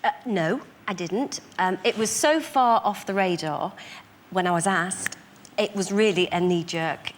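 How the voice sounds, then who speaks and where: A woman's voice: medium pitch, a little slow, a little hiss or hum. A woman with a Northern English accent, a guest on a television talk show, answering thoughtfully with many fillers and restarts. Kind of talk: casual chat.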